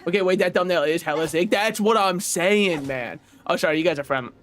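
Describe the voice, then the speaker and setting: A man in his twenties talking casually while streaming a game, animated and laughing, swearing and rambling off on tangents, on a desk mic at home. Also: high voice, fairly quick, a little hiss or hum. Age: 20s. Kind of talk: casual gaming livestream chat.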